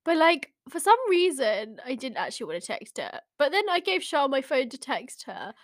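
A woman's voice: sits high, sing-song, normal speed. A young woman, co-hosting a podcast in self-deprecating casual chat that breaks into laughter. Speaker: podcast co-host.

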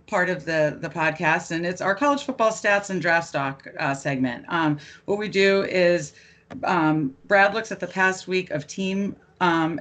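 A woman's voice: deep voice, a bit bright. A middle-aged woman hosting a casual sports podcast, chatty and self-deprecating. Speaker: podcast host.

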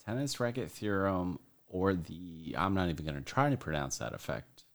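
Casting: deep-voiced male podcast co-host, loose and jokey, curses casually. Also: sing-song, moderate pace. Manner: jokey, swears freely, laughs often.

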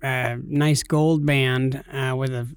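A man's voice: mid-range voice, steady tone, slow pace, smooth, dry recording, clean studio sound. A man co-hosting a casual podcast, telling stories and cracking jokes. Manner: joking storyteller, puts on silly voices. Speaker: podcast co-host.

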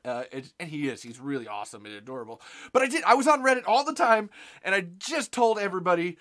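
A young man chatting on a live stream, excitable and rambling, swearing often as he talks. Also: high-pitched, quick pace. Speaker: podcast host on a live stream. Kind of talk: casual live-stream chat.

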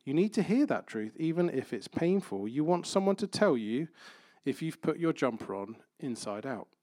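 A man's voice: fairly high pitch, sing-song, normal speed, dark tone, no room sound, studio quality. Man preaching a conversational sermon. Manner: conversational preaching with playful everyday examples. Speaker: pastor.

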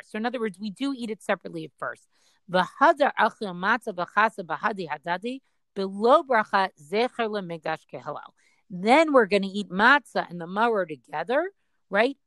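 A woman's voice: mid-range voice, fairly bright tone, no echo. A woman reading an Aramaic Talmud passage aloud and explaining it in plain English. She checks in with her listeners often by asking "right?". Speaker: Talmud teacher.

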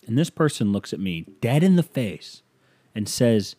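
A man hosting a solo podcast, ranting casually and profanely with loud exasperated outbursts, tired and yawning. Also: fairly low pitch, very animated, measured pace. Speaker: podcast host.

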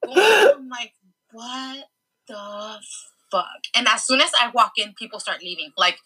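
A young woman co-hosting a casual podcast, telling an animated story and slipping Spanish phrases into her English. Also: a little high, brisk, slight background noise, low-quality recording. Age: young adult. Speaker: podcast co-host.

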